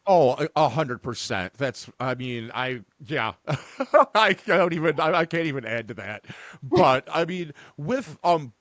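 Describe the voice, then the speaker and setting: A man's voice: medium pitch, lively intonation, slow, dry recording. A man hosting a podcast interview, talking in an earnest, rambling way with many restarts. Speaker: podcast host. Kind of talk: casual interview chat.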